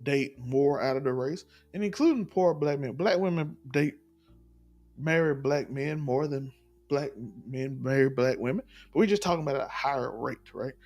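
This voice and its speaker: A man's voice: mid-range voice, moderate pace, a little mellow, soft background music. A man from Mississippi, delivering an emphatic, rambling opinion monologue and repeating his points. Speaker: commentator in clip.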